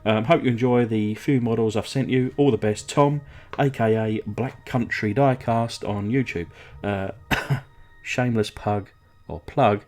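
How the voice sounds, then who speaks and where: A man's voice: medium pitch, unhurried, few pauses, darkish tone. A man from England hosting a casual hobby vlog, chatty and rambling, with lots of ums and uhs. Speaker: diecast restoration channel host.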